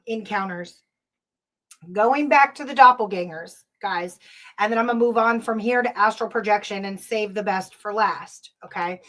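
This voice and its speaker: A woman with a somewhat high voice hosts a live paranormal podcast. She tells ghost stories in a loose, rambling way, full of ums and uhs, and stops now and then to read viewer comments aloud. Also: bright, forceful tone. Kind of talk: casual live-show storytelling.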